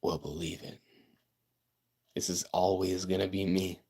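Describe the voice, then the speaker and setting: Slow-talking male streamer hyping himself. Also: little pitch movement, slightly rough. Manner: swings between loud outbursts and low mutters, repeats himself; boastful, self-hyping. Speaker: live streamer. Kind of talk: casual livestream chat with viewers.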